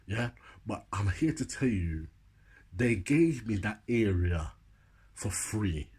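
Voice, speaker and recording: A man with a Jamaican accent tells a comic story from his life, laughing often between lines. His voice sits low and is very husky. He keeps turning to the listener to check that they are following. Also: animated, slow pace, a little mellow. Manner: chatty, laughs often, keeps asking "you know what I'm saying".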